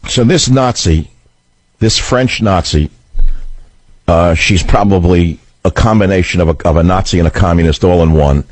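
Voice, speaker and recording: A man's voice: low voice, normal speed, a little mellow. Combative talk radio host, man. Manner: combative, sarcastic, emphatic. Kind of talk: political talk radio monologue. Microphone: studio broadcast mic.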